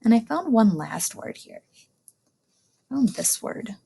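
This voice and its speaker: Slow, gravelly woman teaching young kids. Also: a little high, a little hiss or hum. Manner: slow and clear, stressing and repeating each new word; animated, with delighted exclamations. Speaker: elementary school teacher. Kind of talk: recorded lesson for young students.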